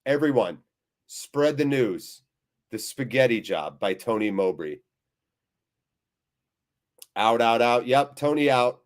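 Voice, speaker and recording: A man's voice: medium pitch, expressive, takes it slowly, pauses often. A man hosting a live fan watchalong, reading viewers' chat aloud with jokey swearing and a weary, deflated tone.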